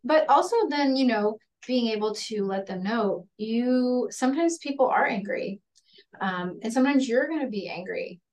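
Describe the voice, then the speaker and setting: A woman's voice: a little high, expressive, moderate pace, darkish tone. A woman guest on a podcast, talking candidly and earnestly about raising children, often laughing and acting out voices. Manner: earnest, laughs often, acts out her child's and her own words. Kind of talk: candid conversational chat. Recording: voice a bit far from the mic.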